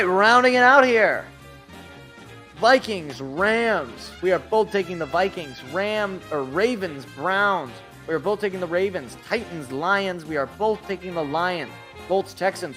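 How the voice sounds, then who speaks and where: Male sports show host, bright edgy tone, somewhat high, opinionated, tired voice, faint music under. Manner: opinionated, rattles off picks. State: tired, voice worn. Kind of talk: casual sports talk show.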